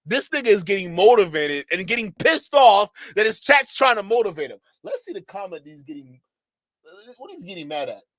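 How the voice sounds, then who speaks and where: A man's voice: high-pitched, very animated, brisk, a bit bright, no room sound. A man giving sarcastic, mocking reaction commentary on another streamer, laughing often and stretching out his slang.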